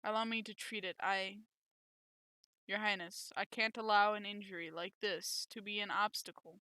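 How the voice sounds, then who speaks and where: A woman's voice: medium pitch, fairly even intonation, normal speed, sharp tone, clear, resonant tone, dry recording, close to an everyday voice. A woman reading aloud as an earnest, formal male knight protecting a princess. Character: loyal devoted male knight guarding a princess.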